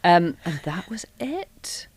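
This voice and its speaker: A woman's voice: lowish voice, big pitch swings, slow, breathy edge, dry recording. A middle-aged woman with a Scottish accent, a podcast guest telling frank, self-deprecating anecdotes in a chatty way. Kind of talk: candid conversational storytelling.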